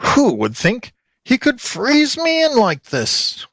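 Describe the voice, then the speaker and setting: A man's voice: very high voice, wildly swooping pitch, takes it slowly, fairly bright tone, no echo, clean studio sound, voice pushed up, full character voice. A man voicing a sneaky male fox villain who howls and drawls. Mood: frustrated. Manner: howling snickering drawl.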